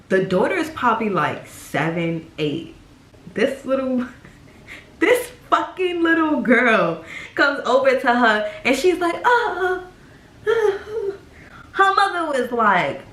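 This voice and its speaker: A young woman telling a profane, animated story-time tale to camera, acting out the people in it. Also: fairly high pitch. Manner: animated, profane, acts out voices. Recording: echoey room.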